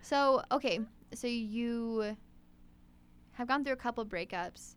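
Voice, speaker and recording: A young woman co-hosting a casual chat, bubbly and animated, acting out little quoted voices as she talks. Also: fairly high pitch, slow, clear, resonant tone. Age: young adult.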